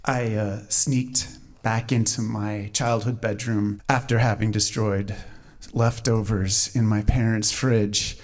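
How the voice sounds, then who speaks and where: Guy doing stand-up, lowish voice, steady story, little hesitations here and there. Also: slow pace. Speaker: stand-up comedian.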